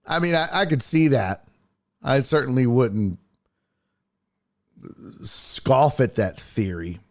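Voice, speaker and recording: Sports stream guy ranting, swears a lot, voice swinging all over, slow drawn-out delivery. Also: mid-range voice, sing-song. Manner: blunt, profane, opinionated. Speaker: sports talk show host. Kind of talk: casual sports rant, live stream.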